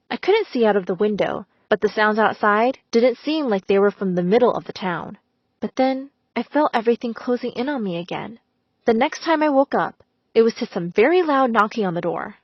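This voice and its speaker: A woman narrating a first-person story in a dramatic, expressive way. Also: medium pitch, no echo. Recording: slightly dull, dry recording.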